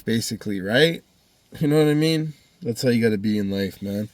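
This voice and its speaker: A man's voice: lowish voice, expressive, moderate pace, no room sound. A man telling a heated, rambling personal story on his vlog, swearing constantly. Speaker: vlogger.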